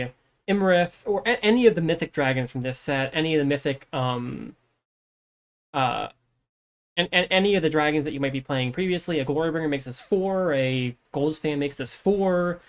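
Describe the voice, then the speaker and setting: A podcast co-host who works through the details of a card with many hesitations. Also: mid-range voice. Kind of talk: casual card review chat.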